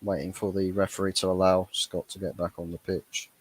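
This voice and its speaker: A man's voice: sits low, little pitch movement, fairly quick, breathy edge. A young man hosting a fan watchalong, chatting casually through the match and laughing at his own jokes. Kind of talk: live match reaction commentary.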